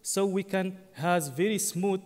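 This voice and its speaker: A man with a high yet darkish-toned voice gives a technical conference talk in a hall with long reverb. He speaks haltingly, leaning on fillers and frequently correcting himself.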